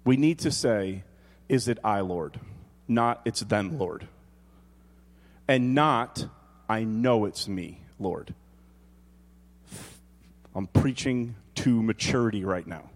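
A man in his thirties preaching a sermon, animated and joking, dropping to quiet emphasis and rising to loud exclaims. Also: fairly low pitch, takes it slowly, pauses often. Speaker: pastor. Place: church hall. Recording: long hall reverb.

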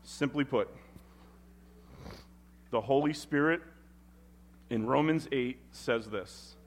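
A man preaching a sermon as pastor at a church service, expressive and emphatic. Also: medium pitch, slow.

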